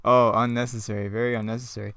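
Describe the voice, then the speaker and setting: A man's voice: medium pitch, flat delivery, fast, a bit bright, clear, resonant tone, no echo, studio quality. A young man reading his own old script aloud and mocking it, laughing often with sarcastic asides.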